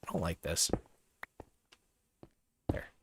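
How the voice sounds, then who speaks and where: Slow, rambling young male streamer. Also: slight background noise. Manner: relaxed, rambling, many fillers and pauses. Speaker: livestreamer. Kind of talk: casual gameplay commentary.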